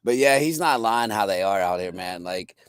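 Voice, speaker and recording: A man's voice: fairly low pitch, expressive, moderate pace, clear, resonant tone, no room sound, studio quality. A man from the US East Coast co-hosting a casual chat, making emphatic points and asking pointed questions. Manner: emphatic, questioning, laughs easily. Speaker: podcast co-host.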